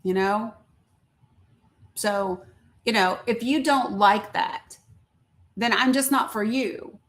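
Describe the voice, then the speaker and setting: A woman's voice: on the high side, takes it slowly, a bit bright. A woman, a grandmother, chatting candidly and bluntly on her own live stream, sprinkling in folksy country sayings. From rural American South. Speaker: livestream host. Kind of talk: casual live-stream chat.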